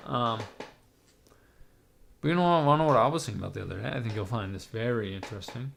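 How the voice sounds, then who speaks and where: A young man with a raspy, hoarse voice from being sick, rambling irreverently on a live stream with lots of fillers. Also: mid-range voice, expressive, brisk, long pauses, slight background noise. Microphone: webcam mic.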